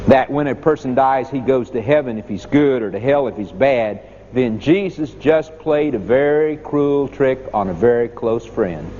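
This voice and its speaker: A man's voice: medium pitch, mellow. A man preaching a sermon, emphatic, with dramatic rises and falls in his voice. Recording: echoey hall, dull lo-fi sound, faint noise.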